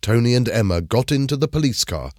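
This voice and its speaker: A man reading a simple story aloud in clear, measured narration. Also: mid-range voice, lively intonation, a little mellow, no echo, clean studio sound. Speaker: storybook reader. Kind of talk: scripted narration of a graded reader.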